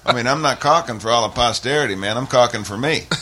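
A man's voice: mid-range voice, fast, bright, forceful tone, a little hiss or hum. A man in his forties telling a rambling, self-deprecating comic story and chuckling along the way. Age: 40s. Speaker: comedian. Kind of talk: stand-up comedy storytelling.

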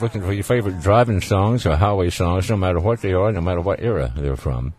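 A man's voice: deep voice, animated, fast, hardly any pauses, a little mellow, soft background music. A man with a Southern US accent hosting a call-in radio show, talking in a folksy, laid-back way. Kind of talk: casual call-in radio chat.

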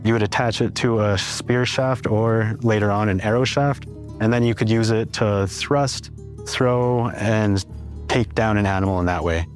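A man explaining in a steady interview manner, often linking ideas with "and so". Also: on the low side, measured pace, soft background music.

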